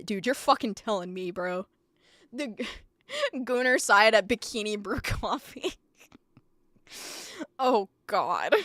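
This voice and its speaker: A woman streamer giving live reaction commentary, excitable and profane, rambling with frequent laughter. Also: medium pitch, dry recording.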